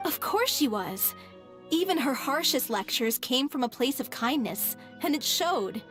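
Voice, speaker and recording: An actress playing a gentle young woman in a theater troupe, speaking softly and fondly, in game voice acting. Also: high voice, big pitch swings, unhurried, faint music behind, exaggerated voice.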